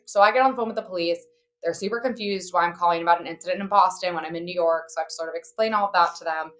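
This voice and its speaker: A woman's voice: on the low side, fast talker, fairly bright tone. A young woman co-hosting a podcast, telling a story in a chatty way, saying "like" a lot and swearing bluntly. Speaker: podcast co-host. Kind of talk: casual storytelling chat.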